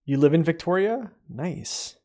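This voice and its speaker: A man's voice: a little high, lively intonation, a little slow, dark tone. A young American man chatting casually with his live chat as a streamer, rambling and answering questions. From United States.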